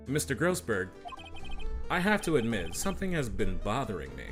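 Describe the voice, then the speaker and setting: A man's voice: medium pitch, sing-song, normal speed, music in the background, natural voice. A man playing an earnest young lawyer. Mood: probing. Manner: earnest, wry inner asides. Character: young male defense lawyer, earnest and flustered. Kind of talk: fan dub of a game.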